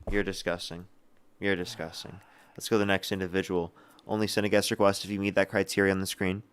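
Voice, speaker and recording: A young man hosting a live political call-in debate, combative and incredulous with quick retorts. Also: low voice, flat delivery, a bit bright, clear, resonant tone. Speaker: livestream debate host.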